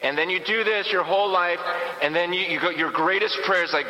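A man preaching a sermon with animated delivery, acting out the voices of believers. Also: sits high, a little fast, echoey room, long reverb tail, low-quality recording.

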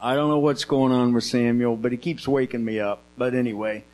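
A man telling a Bible story to children in a gentle manner, coaching them through acting it out. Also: mid-range voice, fairly even intonation, fairly quick, poor audio. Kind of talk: interactive story lesson.

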